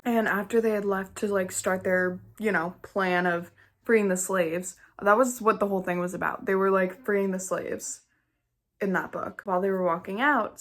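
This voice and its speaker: A young woman chatting casually in a reading vlog, gushing and dramatic, full of "like" fillers. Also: medium pitch. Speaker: book vlogger.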